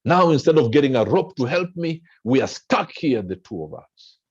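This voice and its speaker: A man voicing a desperate man stuck in a hole, shouting up for help in a high, strained voice. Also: big pitch swings, normal speed, breathy edge. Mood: exasperated. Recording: dull lo-fi sound.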